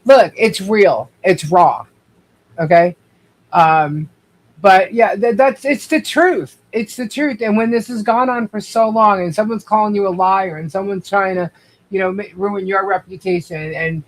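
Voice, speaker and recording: A woman co-hosting a livestream, speaking in a calming, halting way with many fillers and restarts. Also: mid-range voice, low-quality recording. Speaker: co-host. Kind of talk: livestream commentary.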